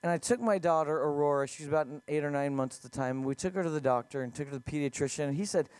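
High-voiced man preaching conversationally. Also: rapid-fire, a little mellow, smooth, no echo. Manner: conversational preaching with rhetorical questions. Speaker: pastor. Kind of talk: sermon.

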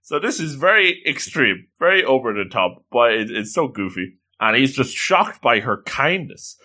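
Excitable recap host, bright lively voice, laughs often. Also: male voice, medium pitch, moderate pace.

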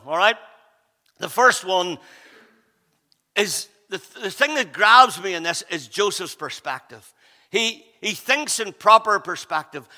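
A man's voice: sits high, sharp tone. A man preaching a sermon in a conversational way, often checking in with the congregation. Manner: conversational, often asks 'all right?' to the congregation. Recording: long hall reverb.

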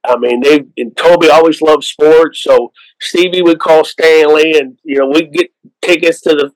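A man's voice: a little high, steady tone, normal speed, dry recording, poor audio. Easygoing Oklahoma man, dry close sound. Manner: easygoing storyteller, laughs often. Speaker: guest, waterfowl outfitter. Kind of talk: casual interview chat.

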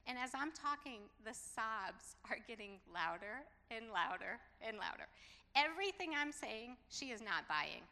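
A middle-aged woman telling a personal story in a sermon, acting out the dialogue with lively emphasis. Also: fairly high pitch, unhurried. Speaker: preacher. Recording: long hall reverb.

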